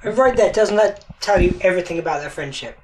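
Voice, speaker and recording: A woman's voice: on the low side, animated, fairly quick, a little mellow, a little hiss or hum, poor audio. Enthusiastic woman podcast co-host. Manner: enthusiastic, restarts sentences. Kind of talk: casual chat.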